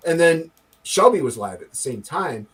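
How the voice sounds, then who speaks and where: A man's voice: fairly high pitch, very animated, normal speed, husky. A man talking in a casual podcast chat, opinionated and rambling, with many fillers and restarts. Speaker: guest.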